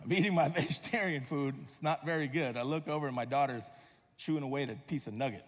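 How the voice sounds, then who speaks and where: High-voiced man preaching in a reverberant church. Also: fast. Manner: storytelling with playful humor and acted-out quotes. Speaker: pastor. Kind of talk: sermon. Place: church sanctuary.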